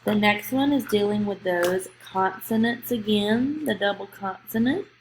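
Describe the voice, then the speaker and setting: A woman's voice: mid-range voice, a little slow, a little hiss or hum. Woman, teacher, grammar lesson, patient step-by-step explaining, echoey room. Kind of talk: grammar lesson for young students.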